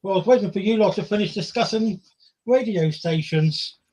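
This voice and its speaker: A man on a quiz panel, answering in a hesitant, halting way. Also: high voice, a little mellow, slight background noise. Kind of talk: casual panel quiz banter.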